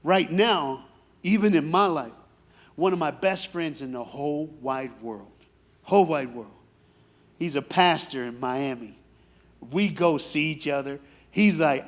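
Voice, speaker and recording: A man preaching a sermon in a storytelling way, dropping to quiet asides and then rising to loud, shouted preaching. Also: a little high, measured pace. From grew up in foster care. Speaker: guest preacher.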